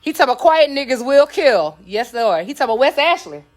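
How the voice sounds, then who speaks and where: A young woman hosting a casual live chat, animated and laughing, acting out quotes in shifting voices. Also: high voice, fast. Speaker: host.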